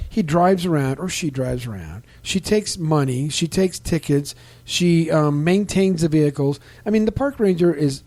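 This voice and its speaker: Rambling man host, mellow dry voice. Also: on the high side, no room sound. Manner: rambling, halting with restarts and fillers. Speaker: podcast host. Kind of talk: casual podcast chat. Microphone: desk microphone.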